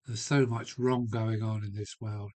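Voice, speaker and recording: A man's voice: lowish voice, level tone, measured pace, darkish tone. Guy rambling on a live stream from his loft, blunt, opinionated, bit sweary. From England. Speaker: model railway live streamer. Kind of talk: casual rambling chat to a live audience. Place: home loft. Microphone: live stream setup.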